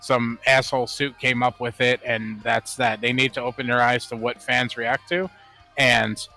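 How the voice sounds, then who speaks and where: A man co-hosting a casual podcast, talking in an animated way, swearing and laughing often. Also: normal speed, faint music behind. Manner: animated, swears, laughs often, rising pitch when worked up. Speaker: podcast co-host. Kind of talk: casual chat.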